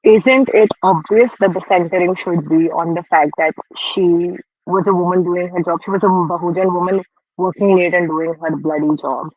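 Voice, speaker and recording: A man's voice: sits high, steady tone, moderate pace, dry recording, narrow, tinny audio. A man hosting a casual livestream, talking frankly and chattily while snacking, a bit self-deprecating. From India. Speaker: livestream host. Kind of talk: casual live-stream commentary.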